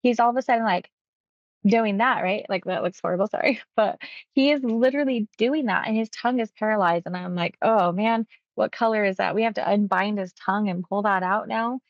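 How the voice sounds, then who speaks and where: A woman's voice: mid-range voice, fairly quick, no echo, muffled recording. A woman hypnotist casually retelling a client session, acting out the quoted lines with animation.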